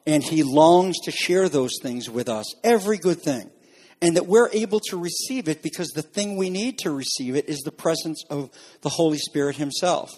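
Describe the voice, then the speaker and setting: A man preaching a sermon as a pastor, earnest and explanatory, pushing his voice higher for emphasis. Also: normal speed, a little mellow. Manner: earnest, rises in pitch for emphasis. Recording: long reverb in a large room.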